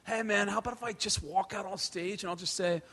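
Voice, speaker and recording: A man's voice: sits high, steady tone, a little fast, fairly bright tone, voice pushed up. A man doing a short impression of a laid-back, easygoing male rock drummer who talks casually and swears freely.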